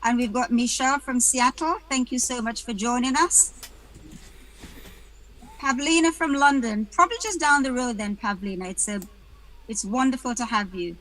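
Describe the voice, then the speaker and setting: Female webinar host from the UK, chatty and welcoming on a video call, bright tone. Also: fairly high pitch, moderate pace, rough recording. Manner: chatty, greets attendees by name, self-deprecating jokes.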